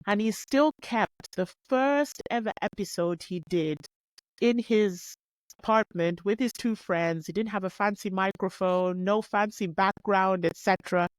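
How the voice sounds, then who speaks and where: A woman's voice: medium pitch, a little slow, no room sound. A woman hosting a podcast, talking in a reflective, encouraging way. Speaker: podcast host. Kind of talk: casual interview chat.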